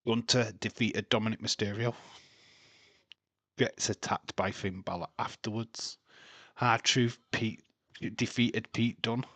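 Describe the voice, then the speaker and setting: Dry and pushed-bright, a lowish male voice holds a steady tone, taking it slowly with long pauses. He hosts a live wrestling watch-along stream with chatty, casual commentary, frequently laughing and reading and teasing his chat.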